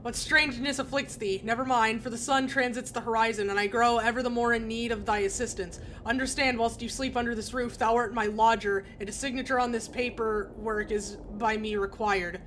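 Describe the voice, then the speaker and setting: A woman's voice: on the high side, steady tone, brisk, few pauses, a bit bright, slight background noise, lightly acted. A woman voicing a pompous landlady who speaks in stiff, archaic English in a video game. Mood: haughty.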